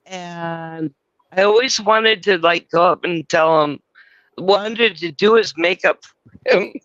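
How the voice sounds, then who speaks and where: A man's voice: sits high, takes it slowly, a bit bright, no echo, dull audio. A man from California, hosting a live stream and telling rambling stories in casual banter, swearing freely. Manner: chatty storyteller, swears freely.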